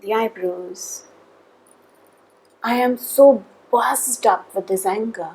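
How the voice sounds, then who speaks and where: A woman leading a guided tapping session, calling out tapping points in a slow, measured way between spoken statements. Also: a little high, darkish tone, breathy edge, rough recording.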